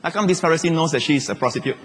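A male pastor preaching a sermon in an emphatic way, repeating phrases and moving between shouts and quiet asides. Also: fairly high pitch, racing, slightly rough. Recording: long reverb of a large hall.

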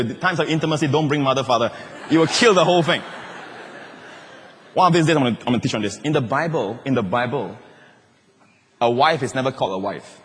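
A middle-aged man preaching a lively, humorous sermon as a pastor. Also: medium pitch, big-room sound, a little hiss or hum. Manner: animated, humorous preaching with laughter.

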